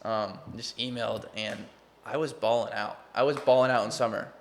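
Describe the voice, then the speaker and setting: A man's voice: mid-range voice, steady tone, normal speed, slight background noise. Earnest young Texan guy rambling. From Texas. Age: young adult. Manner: rambling, restarts often, earnest. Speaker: college baseball player, guest. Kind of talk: casual interview chat.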